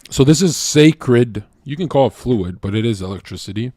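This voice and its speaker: A man hosting a livestream and talking to his chat in a blunt, profane rant that swings from shouting to low muttering. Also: animated, normal speed, no echo, clean studio sound.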